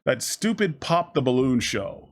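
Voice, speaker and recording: A man talks casually to his stream audience, handing out blunt advice. His talk is loose and rambling, with plenty of swearing. His voice sits at an ordinary middle pitch. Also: unhurried. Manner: profane, rambling, animated with voiced asides.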